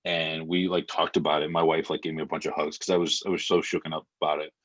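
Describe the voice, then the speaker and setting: A man's voice: very deep voice, level tone, quick pace, a bit bright, dull audio. A man in his thirties, a podcast guest, telling an emotional story with lots of fillers. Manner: vivid retelling with many fillers.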